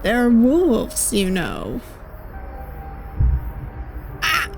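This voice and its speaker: A high-voiced woman streams a visual novel at an unhurried pace, reading its lines aloud and slipping into playful voices. Soft music plays faintly underneath. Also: huge pitch swings, vocal fry. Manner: reads dialogue aloud with playful voices and laughs. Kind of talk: casual game playthrough, reading text aloud.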